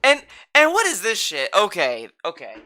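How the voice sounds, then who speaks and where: A man's voice: sits high, huge pitch swings, moderate pace, pushed and bright. A man reacting to a stream clip, mocking and sarcastic, swearing freely as he comments.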